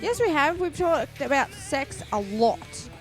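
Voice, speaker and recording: A woman's voice: high voice, sing-song, a little slow, soft background music. A woman co-hosting a talk show, chatting playfully and giggling. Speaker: co-host. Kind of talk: casual chat on a live show.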